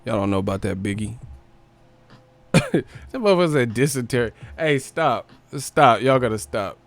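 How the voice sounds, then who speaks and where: A man's voice: mid-range voice, sing-song, normal speed. A man hosting a livestream, joking profanely and laughing often. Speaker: livestream host. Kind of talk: casual commentary.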